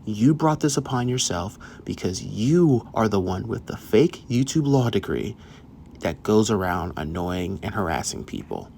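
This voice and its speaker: A man's voice: fairly low pitch, expressive, measured pace, gravelly, a little mellow, a little hiss or hum. A man hosting a reaction video, bluntly scolding the person in the clip and speaking directly to his viewers. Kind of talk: commentary on a clip.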